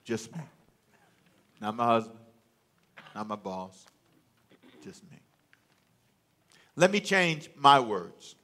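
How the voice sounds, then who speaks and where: A man pastor preaching a sermon with emphatic delivery and rhetorical questions, often building to loud peaks. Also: medium pitch, very animated, takes it slowly, pauses often.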